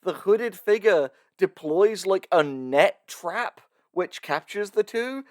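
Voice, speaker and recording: A man's voice: high-pitched, lively intonation, takes it slowly, no room sound, studio quality. A man co-hosting a podcast, casually recapping a cartoon episode, swearing and laughing as he tells it. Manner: storytelling, swearing, laughing often. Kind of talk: casual chat.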